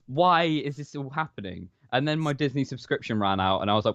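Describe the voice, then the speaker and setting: A man's voice: medium pitch, lively intonation, brisk, fairly bright tone, no echo. A man co-hosting a casual podcast, sardonic and sweary, acting out little quotes as he talks. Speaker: podcast co-host. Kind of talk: casual chat. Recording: dull lo-fi mic.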